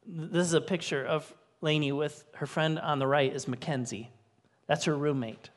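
A man's voice: fairly high pitch, fairly even intonation, moderate pace. A man in his forties, a co-lead pastor, preaching a sermon to his congregation with earnest, emotional personal stories. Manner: earnest, emotional storytelling with rising emphasis. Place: church stage before a congregation.

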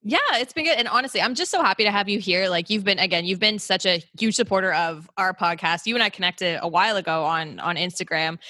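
A woman's voice: medium pitch, quick pace, few pauses, bright, forceful tone, no room sound, clean studio sound. A woman hosting a podcast, upbeat and enthusiastic, chatting casually with her guest. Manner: upbeat, enthusiastic, laughs often. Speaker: podcast host. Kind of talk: casual chat.

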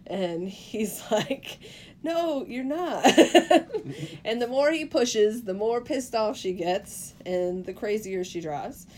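A woman co-hosts a casual movie podcast, walking through the plot and slipping into quick quoted lines as she goes. Her pitch sits in the middle of the usual range. A faint hiss runs under the recording. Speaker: podcast co-host.

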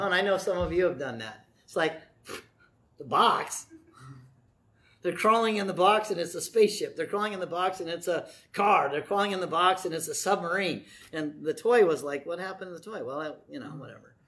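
A middle-aged man preaching a sermon in a folksy way, with joking asides, slowing down to stress key words. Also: high-pitched, fairly bright tone. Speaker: pastor.

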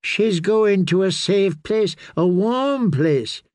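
A man's voice: sits high, expressive, slow, darkish tone, dry recording, clean studio sound, pitched above the performer's own voice. A man voicing a frightened, anxious young man who pleads and frets. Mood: disbelieving. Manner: nervous, pleading.

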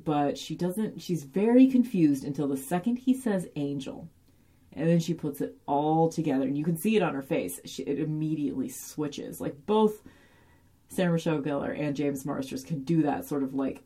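A woman casually recapping a TV episode, animated and full of fillers, swearing now and then. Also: low voice. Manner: chatty and animated, heavy fillers and occasional swearing. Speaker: podcast host recapping a TV episode. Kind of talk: casual chat.

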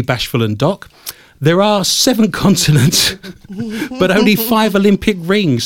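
A man hosts a radio show in a studio, telling rambling stories with a dry, joking edge. His voice sits at an ordinary pitch for a man. The sound is close and dry, with almost no room in it. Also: no room sound. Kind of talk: casual radio banter.

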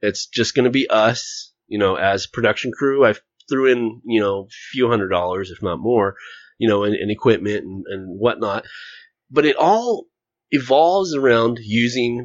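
A man's voice: lowish voice, a little slow, dry recording. A man hosting a casual podcast, joking and rambling as he tells stories. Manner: jokey, rambling, puts on voices. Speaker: podcast host. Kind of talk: casual chat. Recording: dull, dry lo-fi sound.

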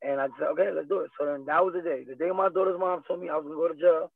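Fast-talking man on a tinny line. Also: on the high side, fairly even intonation. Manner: earnest, rambling, repeats himself. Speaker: interview guest, fighter. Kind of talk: candid personal interview. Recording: dry, tinny phone-like line.

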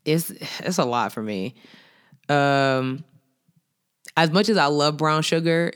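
A woman with a notably low voice, chatting casually with a friend. She argues her points playfully and emphatically, full of energy. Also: slow, clean tone. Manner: emphatic, animated, playful debating. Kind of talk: casual chat.

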